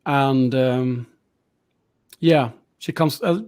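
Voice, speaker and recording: A man's voice: mid-range voice, very slow, a little mellow. A man narrating a tabletop game as game master, with hesitant fillers.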